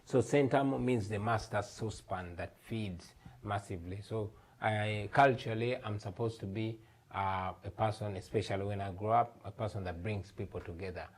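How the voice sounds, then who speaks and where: This Ugandan musician in his thirties appears as a guest in a TV studio interview, speaking earnestly and emphatically and repeating words. His voice runs on the low side at a moderate pace.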